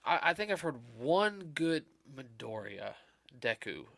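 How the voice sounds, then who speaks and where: A man's voice: medium pitch, big pitch swings, a little slow, creaky, fairly bright tone, dry recording. A tired man chatting casually as a podcast guest host, rambling with lots of fillers and restarts.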